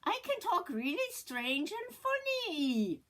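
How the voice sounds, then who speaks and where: A woman's voice: very high-pitched, big pitch swings, slow, heavy background noise. Older woman reading playfully to kids. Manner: playful, jokey, hammy voices. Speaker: storyteller. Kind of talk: children's read-aloud.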